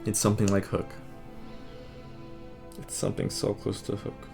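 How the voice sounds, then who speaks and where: A man quizzing himself on word cards, muttering terse answers and quick verdicts of right or wrong. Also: fairly low pitch, monotone, gravelly, music in the background. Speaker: vlogger drilling vocabulary.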